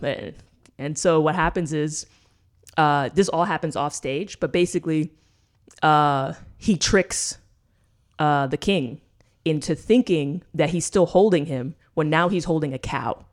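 Speaking at a moderate pace in a low-sitting voice, this podcast co-host recounts a story in loose, profane banter. Nearly every point ends with her checking in: "right?"

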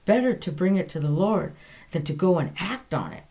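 A woman's voice: fairly low pitch, very animated, normal speed, dark tone. A woman hosting a podcast, giving an earnest, conversational Bible teaching and correcting herself aloud as she goes.

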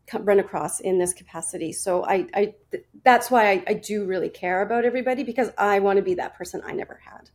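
A woman's voice: mid-range voice, fast. A chatty woman in her forties tells her story as a guest on a podcast. She talks loosely, laughs often and restarts her sentences as she goes. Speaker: guest nutrition and fitness coach. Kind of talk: casual interview storytelling.

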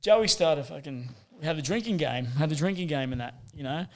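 A man's voice: on the high side, expressive, fairly quick, darkish tone. Sweary rambling Aussie man. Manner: rambling, sweary, lots of fillers. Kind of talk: casual storytelling chat.

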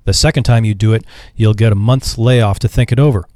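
A man's voice: on the low side, fairly even intonation, a little fast, dark tone, no echo, clean studio sound, close to an everyday voice. A man reading aloud and voicing a genial, sly, retired old shipping magnate who drawls his words.

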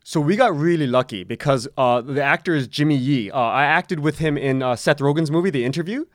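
Male guest, slightly high pitch, rambling storyteller, dry room, restarts a lot. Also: brisk, no room sound. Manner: rambling, many restarts, laughs often. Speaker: podcast creator, interview guest. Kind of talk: casual conversational interview.

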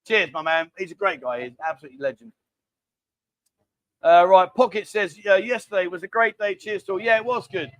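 Reading out viewer comments, a man hosting a live stream banters cheekily and rambles in a chatty manner. He speaks briskly in a high-pitched voice, recorded with no echo.

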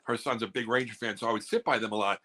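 Bright-voiced New comedian telling stories. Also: male voice, lowish voice, rapid-fire, low-quality recording. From New York. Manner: animated storyteller acting out other people's lines. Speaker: comedian guest. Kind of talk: casual podcast chat. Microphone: video call.

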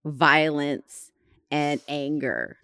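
A young woman, co-hosting a podcast and telling a story in an animated, laughing way. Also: deep voice, very slow, clean tone, no echo, studio quality. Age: 20s. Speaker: podcast co-host. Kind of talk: casual chat.

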